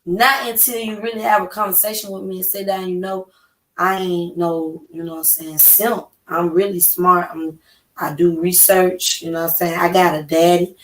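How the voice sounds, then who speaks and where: A woman from Atlanta with an Atlanta Southern accent, talking loudly and emphatically with lots of profanity as a podcast guest in casual chat. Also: lowish voice, flat delivery, normal speed. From Atlanta, USA. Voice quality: loud, profane, emphatic delivery. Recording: roomy with faint noise.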